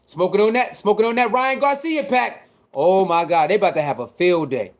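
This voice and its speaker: A man's voice: high-pitched, normal speed. A man hosting a casual livestream, talking loosely in slang and repeating himself as he reacts to boxing news. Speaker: livestream host.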